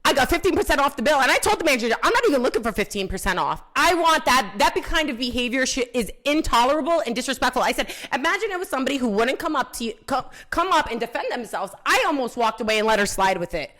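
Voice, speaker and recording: A woman's voice: sits high, quick pace, hardly any pauses. A young adult woman co-hosting a podcast, telling a story in casual chat and acting out the quotes with a lot of drama. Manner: animated, dramatic retelling with acted quotes. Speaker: podcast co-host.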